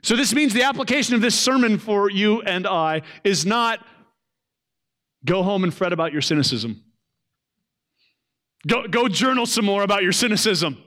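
Male pastor delivering a sermon, slightly higher-pitched voice, earnest, surges loud then drops quiet. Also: expressive, moderate pace, long pauses.

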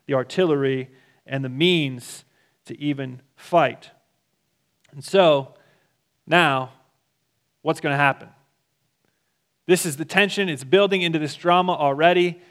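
A man preaching a sermon, reading scripture and retelling it in lively casual paraphrase. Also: on the high side. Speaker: pastor.

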